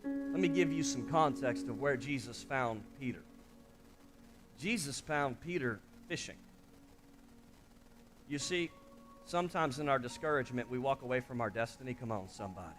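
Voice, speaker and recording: A man's voice: medium pitch, moderate pace, pauses often, a bit bright, soft background music. A male pastor preaching an impassioned sermon, often calling out to the congregation.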